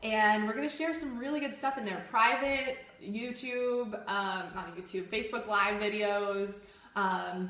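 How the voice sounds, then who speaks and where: A woman's voice: mid-range voice, a bit bright, roomy sound. A woman co-hosting a live fitness show, chatting casually in an upbeat, encouraging way. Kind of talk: casual live-stream chat.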